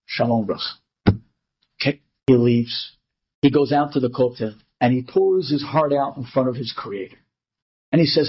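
A man's voice: medium pitch, moderate pace, long pauses. A man telling a story with lots of drama, acting out each character's lines with pleading and heated swings in his voice. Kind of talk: animated story narration. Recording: dull lo-fi recording.

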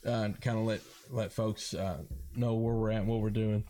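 A man, a guest talking about a charity bike ride in a halting way, full of fillers and restarts. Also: fairly low pitch, fairly even intonation, dark tone, slight background noise. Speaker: guest, board member of a first-responder charity ride. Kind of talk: casual interview talk.

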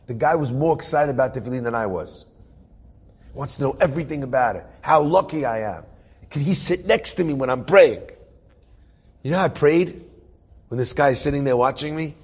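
A man's voice: medium pitch, brisk, breathy edge. A man from the New Jersey area telling an inspirational personal story, full of humorous, self-mocking asides.

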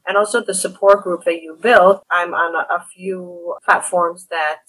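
Husky-voiced woman hosting an earnest interview. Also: fairly low pitch, moderate pace, few pauses, low-quality recording. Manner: earnest, animated storytelling. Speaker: podcast host. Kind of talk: conversational interview.

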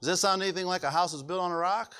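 A man's voice: sits high, racing, bright, forceful tone, clear, resonant tone. A male pastor preaching a sermon, emphatic and full of rhetorical questions to the congregation.

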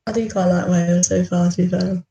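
A young woman from Stafford co-hosts a podcast over a remote call, chatting loosely and laughing often. Her voice is mellow and a little dark. She sounds set back from the mic in an echoey room. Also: on the low side, flat delivery, brisk, vocal fry, muffled recording. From Stafford, England. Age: young adult. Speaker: podcast co-host. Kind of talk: casual chat. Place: student room at a university. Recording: roomy, distant call audio.

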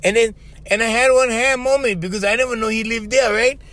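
A man with a Hawaiian Pidgin English accent, hosting a podcast and telling a story in an animated, casual way, repeating himself and calling the listener "bro.". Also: very high-pitched, brisk, no echo. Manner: animated, repetitive, with frequent laughs and "bro". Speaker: podcast host.

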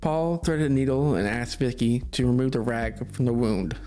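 A man's voice: mid-range voice, normal speed, warm tone. A man narrating a spooky story for a podcast, reading steadily with small stumbles.

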